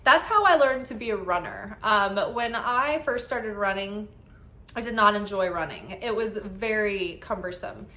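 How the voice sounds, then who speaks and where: A woman's voice: mid-range voice, unhurried, pushed and bright, reverberant. A woman giving casual spiritual guidance as an oracle card reader, chatty and upbeat, often tagging "right?" onto her thoughts.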